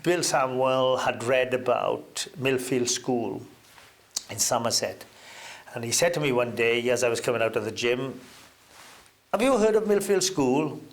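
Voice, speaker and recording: Speaking at a measured pace, an older interview guest from Wales shares relaxed recollections. Hesitant fillers break up his stories, along with sudden rises in pitch.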